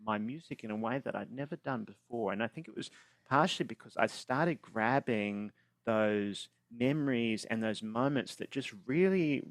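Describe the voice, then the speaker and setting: A man's voice: mid-range voice, no room sound. A young Australian man, a singer-songwriter, talking thoughtfully about his songwriting over a remote call. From regional Australia. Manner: thoughtful, reflective, with fillers. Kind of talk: relaxed interview talk.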